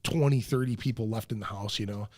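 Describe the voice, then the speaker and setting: A man's voice: on the low side, fast, a little mellow, dry recording, studio quality. Profane rambling man telling stories. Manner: profane, rambling anecdotes with acted-out quotes. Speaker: podcast host. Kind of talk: casual storytelling chat.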